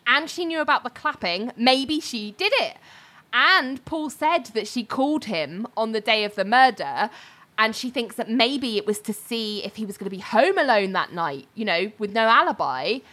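A woman's voice: medium pitch, expressive, normal speed, a bit bright. Woman co-host retelling an episode in loose, chatty, giggly storytelling. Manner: chatty storytelling, many fillers, frequent laughter. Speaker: podcast co-host recapping a TV episode. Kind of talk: casual chat.

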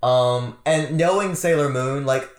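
A man's voice: medium pitch, unhurried. A man co-hosting a casual chat, explaining earnestly with many ums and restarts. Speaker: podcast co-host. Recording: roomy echoey sound.

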